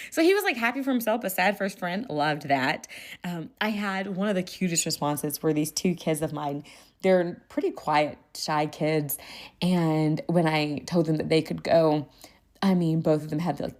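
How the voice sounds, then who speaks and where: A young woman, a teacher hosting a podcast and telling classroom stories in a casual, animated way, often laughing and talking to listeners as "y'all". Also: fairly low pitch. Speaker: podcast host and first grade teacher. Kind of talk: casual storytelling.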